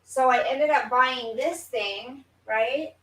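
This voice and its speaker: Slow-talking woman chatting live. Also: high-pitched, fairly bright tone, breathy edge. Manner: chatty, talks straight to viewers, easily distracted. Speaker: livestream host reading viewer comments. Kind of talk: casual live chat. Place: at home, fireworks outside.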